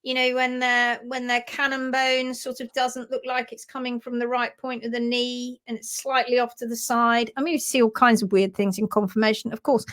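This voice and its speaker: A woman's voice: a little high, little pitch movement, normal speed, few pauses, fairly bright tone. A woman presenting a casual live stream on hoof care, chatty and giggly.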